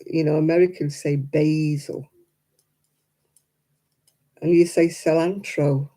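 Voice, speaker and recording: A woman's voice: sits low, fairly even intonation, slow, pauses often, dark tone, low-quality recording. A middle-aged woman from England, chatting casually to camera at home and laughing often. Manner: chatty, laughs often, mimics other accents. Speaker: vlogger. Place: quiet room at home.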